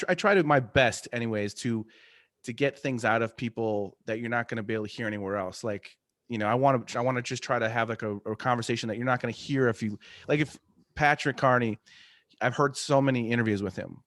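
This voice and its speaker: Man, guest in a casual chat, mid pitch, lots of ums and restarts, dry close sound. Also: a little fast, fairly bright tone, no echo. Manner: rambling, many fillers and restarts, laughs often. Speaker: artist and podcast host, interview guest.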